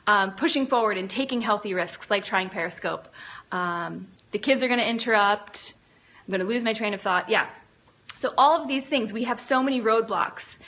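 A woman's voice: medium pitch, pushed and bright. A woman hosting a live phone stream, chatting and encouraging viewers, reading out their comments with frequent ums and restarts. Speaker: livestream host. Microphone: phone camera.

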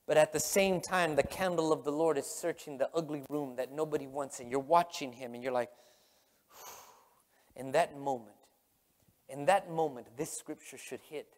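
A man preaching as pastor, impassioned and emotional, with a Texan accent, his voice dropping to a hush and then rising. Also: a little high, a little fast, hardly any pauses. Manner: impassioned, swinging from hushed to loud. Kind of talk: emotional sermon. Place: large church sanctuary. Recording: long hall reverb.

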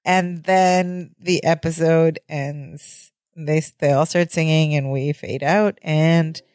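A woman co-hosting a podcast who recaps a sitcom episode in steady play-by-play casual chat. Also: deep voice, slow, no echo, studio quality. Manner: steady play-by-play narration with small laughs. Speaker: podcast co-host.

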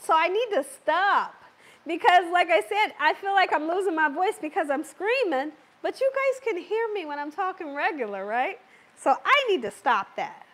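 A woman's voice: very high voice, fairly bright tone. A woman hosting a live cooking stream, chatting with viewers and reading their comments, her voice a little worn. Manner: chatty, laughs often, reads viewer comments aloud. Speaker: cooking show host. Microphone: wearing a microphone.

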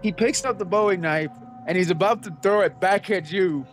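A man's voice: sits high, moderate pace, soft background music. A man narrating as game master, cursing freely and acting out what the characters do. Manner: profane, laughing, acting out characters.

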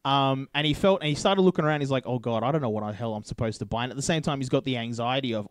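A man's voice: mid-range voice, very fast, few pauses, clear, resonant tone, dry recording. An Australian man telling a story in a casual podcast chat over beers, often checking in with his listeners. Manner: chatty storyteller, keeps checking in with "right?". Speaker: podcast co-host.

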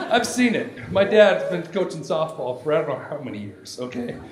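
A man doing live stand-up comedy, chatty and animated, bantering with the audience. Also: high-pitched, slow. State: winded from yelling. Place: large hall at a benefit show. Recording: echoey hall, noisy crowd.

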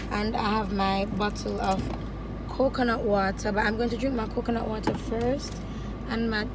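A woman's voice: fairly high pitch, heavy background noise. A woman chatting casually and candidly to camera, joking and slipping into creole. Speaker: vlogger. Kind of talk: casual vlog chat.

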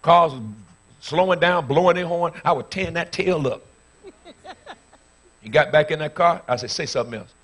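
A pastor in his fifties preaching a sermon, telling stories with bursts of shouting before moving into a fervent prayer. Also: on the high side, normal speed, long pauses. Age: 50s.

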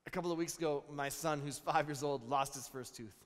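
A pastor in his thirties preaching a sermon, telling stories with animated, repeated phrases. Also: on the high side, brisk. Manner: animated storytelling with repeated words. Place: large church hall. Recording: long reverb in a church hall.

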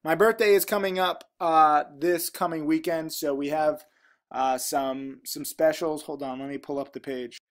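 A man's voice: a little high, steady tone, moderate pace. A man hosting his channel, chatting casually and reading viewer comments aloud, rambling with frequent ums and asides. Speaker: trading educator, channel host.

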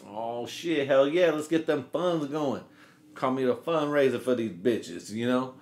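A man's voice: medium pitch, animated, measured pace, darkish tone. A man hosting a comedy podcast, talking in a loose, profane, rambling way and acting out quotes in silly voices. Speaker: podcast host.

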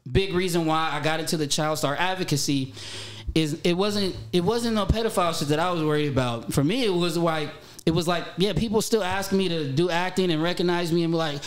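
A man in his thirties, a podcast guest, talking in animated casual chat and swearing freely. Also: on the high side, brisk. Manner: animated, swears casually, frequent "you know". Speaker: podcast guest, former child actor.

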